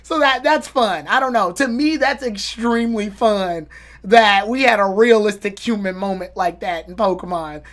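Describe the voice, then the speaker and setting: A woman's voice: mid-range voice, normal speed. A woman giving a casual, rambling and opinionated episode review with swearing and restarts. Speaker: anime reviewer.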